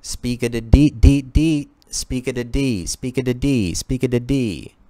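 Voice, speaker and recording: A man's voice: medium pitch, measured pace, dark tone, no room sound, pitched above the performer's own voice, close to an everyday voice. A man voicing a manic male character who babbles singsong scat nonsense. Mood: chanting.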